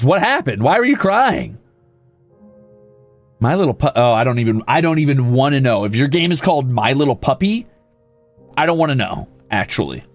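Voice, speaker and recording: Playful gravelly-voiced male streamer. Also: medium pitch. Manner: playful, teasing, mock-boastful. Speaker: VTuber streamer. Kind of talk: casual gaming stream chat.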